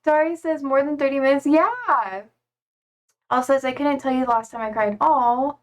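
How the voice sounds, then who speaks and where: A high-pitched woman speaks at normal speed while live-streaming from home. She rambles casually into a desk mic, filler-heavy, reading viewer comments out loud.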